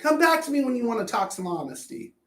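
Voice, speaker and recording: A man's voice: very high voice, big pitch swings, fast talker. A man coaching anger management in a blunt, profane self-help talk, often repeating words as he thinks. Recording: roomy echo.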